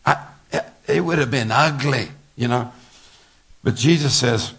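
A man's voice: medium pitch, unhurried, fairly bright tone, breathy edge. An older man, a pastor, giving a folksy sermon full of stories, laughter and repeated words. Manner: folksy storytelling with laughter and repetitions.

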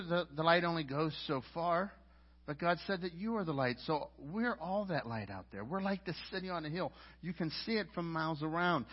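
A middle-aged man preaching a sermon as a pastor, swinging between loud emphatic lines and quiet low asides. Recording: dull lo-fi audio.

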